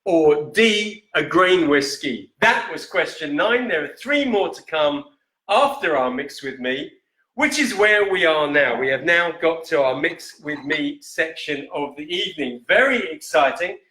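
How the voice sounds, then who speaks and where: A man hosting a live-stream whisky quiz in a casual, chatty way, reading each question slowly and repeating it. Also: a little high, lively intonation, sharp tone. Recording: echoey room.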